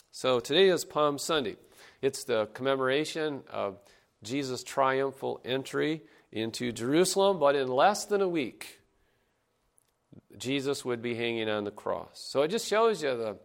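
A man preaching a sermon, his voice at a middle pitch. He reads the old scripture aloud and then talks easily with his congregation, getting them to repeat words back to him. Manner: engages congregation, leads call-and-response; reads scripture in King James English, then preaches conversationally. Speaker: pastor.

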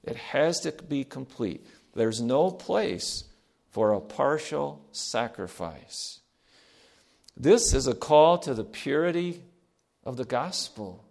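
A middle-aged man preaching a sermon in an earnest, emphatic way, repeating key phrases, asking the congregation to fill in words, and swinging between loud and soft. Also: mid-range voice, expressive, slow, gravelly. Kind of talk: sermon with call-and-response.

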